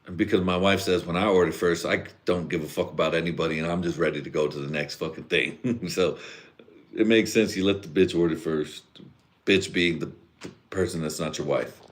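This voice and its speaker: Ranting casually on a live podcast stream, a slightly drunk host with a very low, deep voice rambles, swears freely and laughs often. He's an adult husband and father, speaking fairly quickly in a steady tone.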